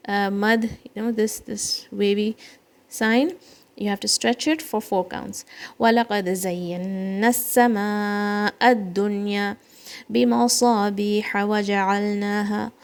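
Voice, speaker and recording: A woman teaching children Quran recitation, explaining each letter slowly and patiently, step by step. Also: medium pitch, vocal fry. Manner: breaks into quicker chanted recitation lines. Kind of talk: slow, patient kids' lesson.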